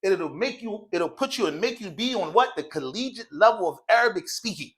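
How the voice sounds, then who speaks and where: A man's voice: high-pitched, expressive, a little fast, a bit bright. A man teaching an Arabic class in a mosque classroom, drilling students in call and response, joking and laughing often in slangy casual speech.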